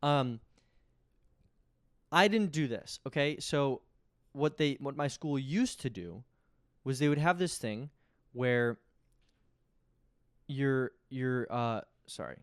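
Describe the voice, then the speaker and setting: A man's voice: medium pitch, expressive, slow, pauses often, clean tone, no echo, clean studio sound. A man, hosting a podcast in a rambling, self-interrupting comedic monologue. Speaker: podcast host.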